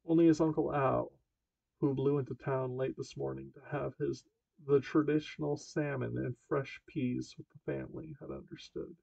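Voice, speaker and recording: Gravelly man reading a novel aloud. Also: mid-range voice, steady tone, moderate pace, dark tone, dry recording. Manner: stumbling reading with self-corrections. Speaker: amateur audiobook reader. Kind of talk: amateur audiobook narration. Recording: dull dry lo-fi home recording.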